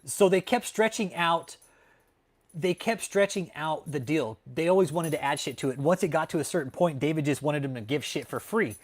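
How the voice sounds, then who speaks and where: A man's voice: fairly high pitch, normal speed. Swearing, fired-up male livestream host. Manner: angry, profane, swearing constantly. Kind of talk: profane ranting commentary. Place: home, dog nearby.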